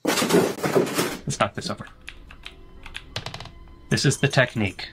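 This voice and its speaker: A man's voice: mid-range voice, slow, a bit bright, whispered. A man doing let's play commentary on a horror game, joking with his chat and letting out sudden panicked yelps. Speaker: gaming streamer.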